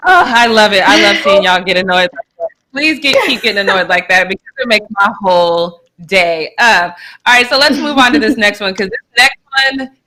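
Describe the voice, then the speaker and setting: A woman's voice: mid-range voice, a little fast. A young adult woman co-hosting a live sports talk show, chatting casually and teasing with frequent laughter. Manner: animated, laughs often, playful teasing.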